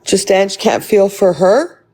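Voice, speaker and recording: A woman's voice: mid-range voice, animated, takes it slowly, darkish tone, husky. A woman reacting bluntly and scornfully on a live stream, swearing freely.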